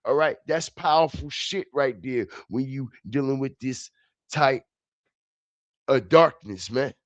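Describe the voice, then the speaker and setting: A man's voice: mid-range voice, slow, no echo. A man hosting a livestream, ranting in a heated, confrontational way, taunting and repeating himself. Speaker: livestream commentary host. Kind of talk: profane ranting livestream commentary. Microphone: streaming setup mic.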